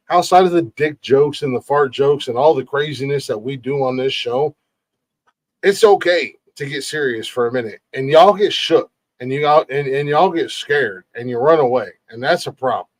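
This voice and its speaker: This middle-aged podcast host has a mid-range voice and a dry recording. He chats casually but earnestly and emphatically, swearing freely and often tripping over repeated words.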